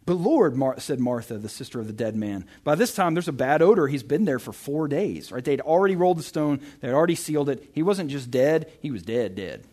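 A man's voice: medium pitch, lively intonation, a little fast, few pauses, mellow. A young man giving a casual, conversational sermon, reading scripture and often checking in with "right?". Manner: chatty, self-interrupting, often asks "right?". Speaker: pastor.

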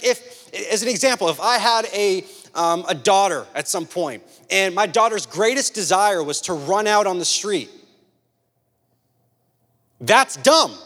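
A man's voice: high-pitched, a bit bright. A young adult man preaching a sermon, telling stories conversationally and driving his points home with repetition. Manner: conversational storytelling, emphatic repeated points. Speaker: pastor. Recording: long hall reverb.

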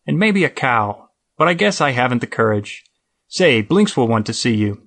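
A man's voice: mid-range voice, big pitch swings, normal speed, a bit bright. A man voicing a hearty, wistful middle-aged company president in a storybook reading.

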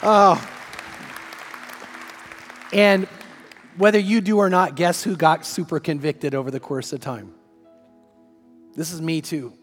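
Male pastor, conversational storyteller, raised pitch, faint music underneath. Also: steady tone, slow, long pauses, a bit bright, big-room sound, some chatter behind. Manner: storytelling, conversational, with repeated rhetorical questions. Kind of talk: sermon.

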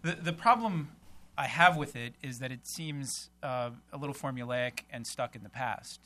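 A man on a policy panel, laying out his view in a measured, analytical way. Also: mid-range voice, bright, forceful tone.

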